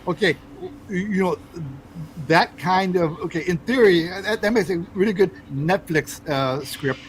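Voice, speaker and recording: A fairly high-voiced American man hosts a casual political talk, stumbling through restarts and fillers as he argues his point. A faint hum of background noise sits under his voice. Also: unhurried, low-quality recording. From United States. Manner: hesitant, many fillers and restarts, pushes back. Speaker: host.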